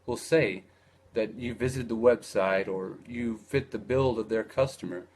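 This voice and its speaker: A man's voice: on the low side, measured pace, a little mellow, slight background noise. A man hosting a casual live video on ads, talking loosely with many fillers and restarts. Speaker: host of a live video on online advertising. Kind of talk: casual live-stream talk.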